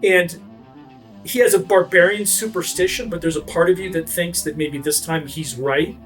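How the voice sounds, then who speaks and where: A man's voice: sits high, fairly even intonation, moderate pace, fairly bright tone, faint music behind. A man narrating as game master, describing scenes vividly and immersively.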